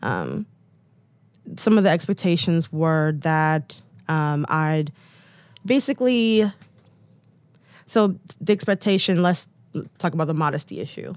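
A woman's voice: low-pitched, lively intonation, measured pace, pauses often, darkish tone, no echo. A woman in her thirties from the United States, a guest telling personal stories in a candid interview, chatty with lots of "like"s and "um"s. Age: 30s. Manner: chatty, many "like"s and "um"s, acts out quotes.

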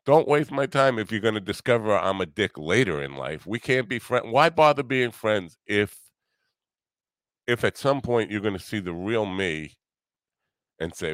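A man's voice: on the low side, animated, normal speed, fairly bright tone, dry recording. A middle-aged man hosting a podcast, rambling bluntly with lots of swearing and filler words. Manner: blunt, profane, self-deprecating, many fillers. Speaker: podcast host and musician. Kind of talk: casual rambling chat.

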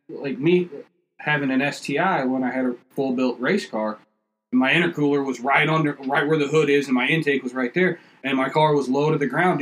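In a rough recording, a man with a voice on the high side chats casually on a podcast. He tells rambling, profane stories, acting out other people's lines in animated outbursts.

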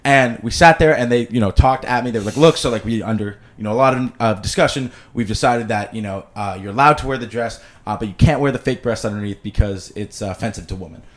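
Podcast host, man in his 20s from Canada, quick, animated storyteller who swears freely. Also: medium pitch.

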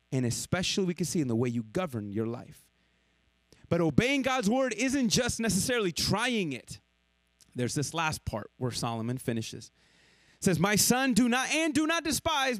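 A man preaching a sermon, swinging from loud emphatic lines to hushed, slow ones. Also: high voice, no echo. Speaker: pastor.

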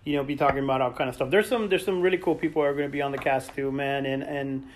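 A man's voice: medium pitch, fairly even intonation, quick pace, a little hiss or hum. A man hosting a podcast, chatting casually and teasing his guest with plenty of swearing. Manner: easygoing, profane, teasing. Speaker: podcast host. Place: friend's home.

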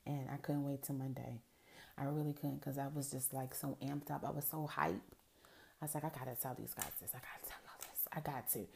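A middle-aged woman with a low voice and gravelly fry hosts her own show. She chats casually and tells stories to her listeners, often turning to talk to them directly. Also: mellow. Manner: chatty, storytelling, frequent asides to listeners. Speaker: podcast host. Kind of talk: casual solo podcast monologue.

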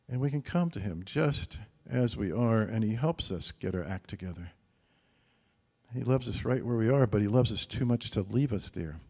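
A male pastor at medium pitch preaches in a large hall. Rather than formal oratory, he talks conversationally and at ease, checking in often with a fast "right?".

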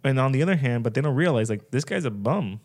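A man's voice: medium pitch, animated, quick pace, darkish tone. Man, casual chat, earnest, advice-giving, rhetorical questions.

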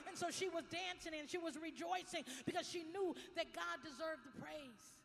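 A woman pastor preaching a lively sermon, telling stories and swinging from quiet asides to loud exclamations. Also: extremely high pitch, normal speed, vocal fry, hardly any pauses, long reverb tail.

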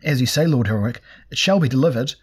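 Whining merchant, cringing, high-pitched, husky edge, read by a man. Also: fast talker, natural voice. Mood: fearful. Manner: whining, pleading. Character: cringing, whining fat-cat male merchant.

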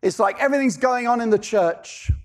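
A man's voice: very high voice, brisk. A male pastor preaching a sermon, firing off rhetorical questions and repeating key lines for emphasis.

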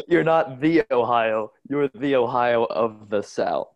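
A man's voice: medium pitch, takes it slowly, dry recording, muffled recording. Wry young man, joking asides. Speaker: podcast co-host. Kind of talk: casual chat.

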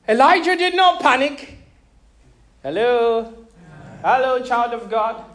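A woman in her thirties preaching a sermon, animated and laughing often, checking in with her listeners and repeating words as she thinks. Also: on the high side, slow pace, pauses often. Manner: repeats words when searching for them.

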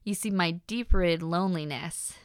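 A young woman hosting a podcast in a casual personal monologue, chatty with lots of fillers and animated faith-centered asides. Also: on the low side, moderate pace, smooth, no echo, clean studio sound. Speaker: podcast host.

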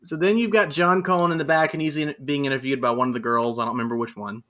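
A man chatting casually, retelling events in an excitable, animated way. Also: on the high side, fast talker. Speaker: podcast co-host. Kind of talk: casual recap chat.

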